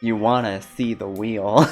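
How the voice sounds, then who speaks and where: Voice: medium pitch, fairly even intonation, measured pace, soft background music. A streamer chatting casually with a co-streamer during a live game stream, joking, laughing often and greeting viewers. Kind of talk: casual live-stream chat while gaming.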